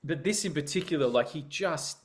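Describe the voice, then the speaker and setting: A man's voice: fairly high pitch, lively intonation, brisk. A man co-hosting a casual podcast chat, who talks thoughtfully, often restarting and repeating words. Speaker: podcast co-host.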